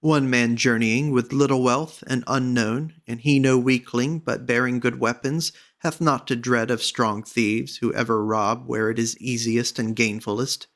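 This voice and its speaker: A man's voice: medium pitch, fairly even intonation, unhurried, few pauses. Kind young lord, read by a man. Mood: confident. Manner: gentle and courteous. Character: kind young male lord, bold traveller.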